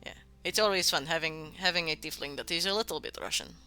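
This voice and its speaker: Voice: medium pitch, fast talker, sharp tone, clean tone, soft background music. A streamer chatting casually while building a game world, rambling, laughing often and swearing freely. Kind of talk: casual live-stream chat.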